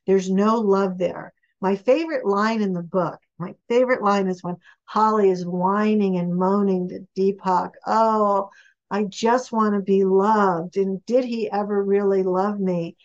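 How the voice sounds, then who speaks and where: A woman author and relationship expert, giving a guest interview on a podcast in an emphatic, animated storytelling manner. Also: mid-range voice, highs cut off.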